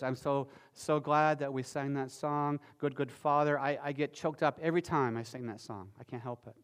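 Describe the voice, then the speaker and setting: A middle-aged man preaching a sermon as pastor, swinging between loud emphatic lines and soft, quiet ones. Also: medium pitch, brisk, few pauses. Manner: animated, shifting from loud emphasis to soft near-whispers.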